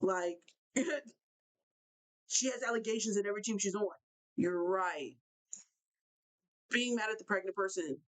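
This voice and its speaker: A young woman hosting a live basketball talk show, ranting in an animated way and repeating herself for emphasis. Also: medium pitch, a little slow, pauses often, rough recording. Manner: animated, repetitive, fired-up ranting. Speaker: show host.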